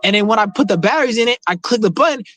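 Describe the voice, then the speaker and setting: A man's voice: high-pitched, expressive, rapid-fire, fairly bright tone, dry recording, faint music behind, rough recording. A man vlogging in casual chat, rambling and swearing a lot and often restarting his sentences.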